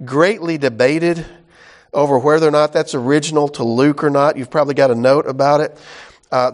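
Guy teaching a bible sermon, kinda high voice, lots of uhs and right?s. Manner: conversational, filler-heavy with frequent "right?" asides. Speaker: pastor.

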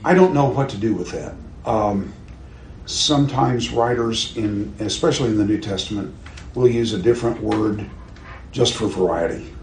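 A man's voice: lowish voice, moderate pace, darkish tone. Older guy teaching bible class, chatty, asks the room questions, echoey hall, a bit of hiss. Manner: conversational, questions the class, chuckles at his own stories. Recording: roomy with faint background noise.

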